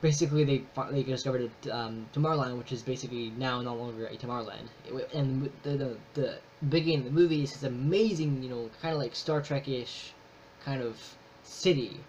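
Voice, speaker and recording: A man's voice: medium pitch, brisk, darkish tone. Rambling man reviewing a movie. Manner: rambling, full of fillers and restarts; enthusiastic. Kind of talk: casual spoken movie review. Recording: slightly dull with faint noise.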